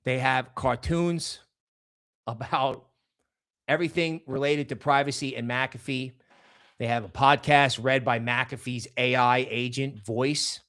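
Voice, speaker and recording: A man hosts a casual crypto livestream. He talks emphatically and rambles, often restarting sentences mid-thought. His voice sits at a middle pitch. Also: fairly even intonation, a little slow, a bit bright, clean tone. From New York area.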